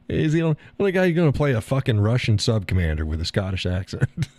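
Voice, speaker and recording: A man's voice: on the low side, sing-song, fast, a little mellow, dry recording. A man hosting a live stream, chatting casually and answering his viewers with frequent laughs. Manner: rambling, laughs often, reads and answers chat.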